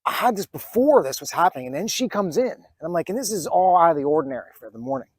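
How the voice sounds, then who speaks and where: Speaking fast in a fairly high, slightly rough voice that swings widely in pitch, a vlogger in his forties tells a personal story with no room echo. He's earnest and reflective, full of fillers and restarts, and at moments he's emotional and near tears.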